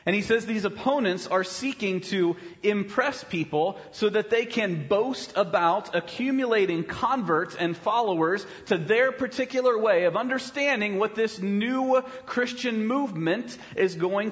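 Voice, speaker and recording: A pastor preaching a sermon in a conversational way, often checking in with rhetorical questions. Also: male voice, sits high, big-room sound. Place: church.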